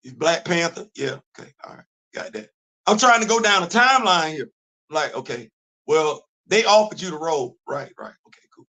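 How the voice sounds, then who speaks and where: Animated man with a worn-out, bright voice. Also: on the high side, moderate pace. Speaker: host of a comic book morning show. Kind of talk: casual talk-show commentary.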